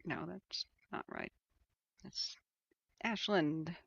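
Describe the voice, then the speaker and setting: A woman's voice: on the low side, extremely slow, creaky, slightly rough. A woman on a casual live stream, thinking aloud and hesitant, with many ums and restarts. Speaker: wildfire tracking livestreamer. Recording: dull lo-fi stream audio.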